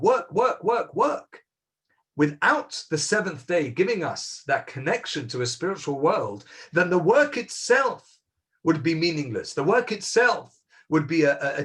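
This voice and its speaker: A man's voice: fairly high pitch, a bit bright. A man serving as rabbi, telling a story sermon-style over a video call, earnest and emphatic, repeating key words and acting out quoted dialogue.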